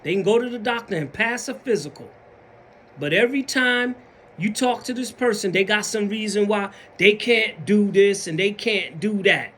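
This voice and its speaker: A man's voice: sits high, normal speed, a bit bright. A man with a Southern US accent talking casually in a motivational vlog, acting out other people's mumbled excuses. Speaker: vlogger.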